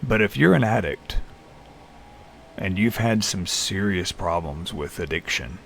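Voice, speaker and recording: A man talking unscripted to camera alone in a small room, tired and halting, with many restarts and fillers. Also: deep voice, animated, vocal fry, fairly bright tone, a little hiss or hum. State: lethargic, tired. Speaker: vlogger in recovery. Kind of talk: unscripted personal vlog. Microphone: camera facing speaker.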